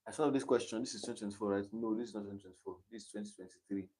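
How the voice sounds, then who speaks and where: A young man in his late teens with a Nigerian accent, casually talking through exam questions on a livestream, reading the options aloud and thinking out loud. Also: on the low side, rapid-fire. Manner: thinks aloud, reading quiz options aloud and chatting between them. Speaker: exam candidate streaming his study session.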